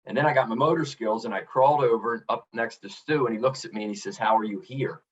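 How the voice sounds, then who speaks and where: Talking fast at medium pitch, a middle-aged man who works as an author and coach shares a personal story as a podcast guest. He's earnest and reflective in this candid interview, often restarting with "you know". The mic is distant and the sound lo-fi.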